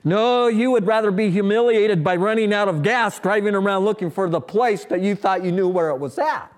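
A man's voice: high-pitched, a little fast. A man pastor preaching a sermon in a folksy, emphatic way with humorous asides, speaking from a church sanctuary.

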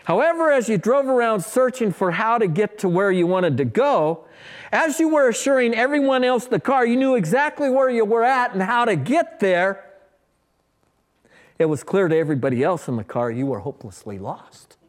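A man's voice: high-pitched, lively intonation, normal speed. A man pastor preaching a sermon in a folksy, emphatic way with humorous asides, speaking from a church sanctuary.

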